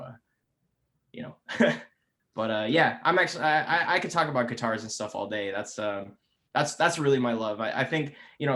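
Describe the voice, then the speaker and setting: Talking at length and with plenty of enthusiasm, a man in his twenties chats as a guest musician and guitar instructor on an easygoing podcast. His mid-range voice is a touch bright, and quick restarts pepper his speech.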